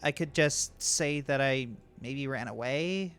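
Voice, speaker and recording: A game master voicing a timid, anxious young boy who talks in halting, hesitant bursts. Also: medium pitch, a bit bright, clear, resonant tone, soft background music. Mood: unsure.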